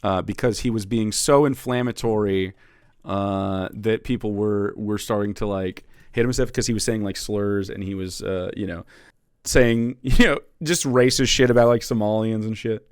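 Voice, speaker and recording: A man's voice: lowish voice, moderate pace, clear, resonant tone, no room sound, clean studio sound. Profane, sarcastic male streamer. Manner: profane, sarcastic, laughing often. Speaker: streamer and political commentator. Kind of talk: live reaction commentary.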